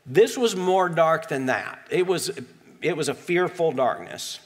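Male pastor with a slightly high voice, reading scripture and explaining it in a relaxed, off-the-cuff way. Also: measured pace. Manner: casual, digressive, with self-deprecating asides.

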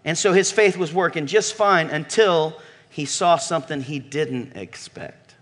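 A man preaching to his congregation with a fairly high voice. He throws out questions, booms out key phrases, then drops to a near-murmur for weight. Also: measured pace, breathy edge. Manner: emphatic preaching, swings from loud calls to low murmurs. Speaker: pastor. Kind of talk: sermon.

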